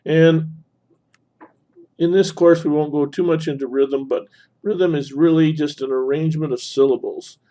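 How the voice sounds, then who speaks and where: Mellow-voiced man explaining a poem. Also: medium pitch. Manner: explanatory, talks while annotating, frequent fillers and self-corrections. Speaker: instructor. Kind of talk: screen-recorded teaching lesson.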